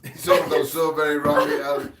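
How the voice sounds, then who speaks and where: Guy making dry comments, roomy sound, loud background noise. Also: on the high side, little pitch movement, normal speed. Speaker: paranormal show co-host. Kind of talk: casual livestream chat.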